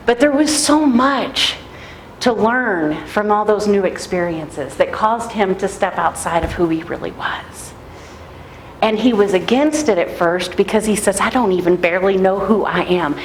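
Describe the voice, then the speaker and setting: A woman pastor giving a sermon in a conversational, animated storytelling way. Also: mid-range voice, a little slow. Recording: echoey room, faint noise.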